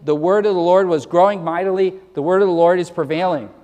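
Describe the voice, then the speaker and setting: Male pastor, high voice, earnest and emphatic sermon delivery, stumbling restarts, heard with a lingering hall echo. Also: darkish tone. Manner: earnest, emphatic preaching with quick verse citations; repeats words when starting sentences.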